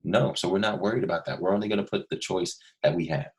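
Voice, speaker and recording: Deep-voiced patient first grade teacher. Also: male voice, rough recording. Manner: slow, patient, repeats instructions, asks young pupils questions. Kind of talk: recorded remote phonics lesson.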